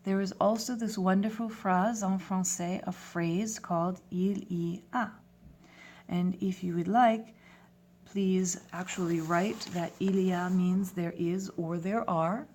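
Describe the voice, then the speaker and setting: A woman teaching a lesson, speaking clearly and patiently and spelling words out letter by letter. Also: lowish voice, steady tone, a little slow, darkish tone, slight background noise. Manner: switches between French and English phrases. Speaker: French teacher. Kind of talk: classroom lesson video.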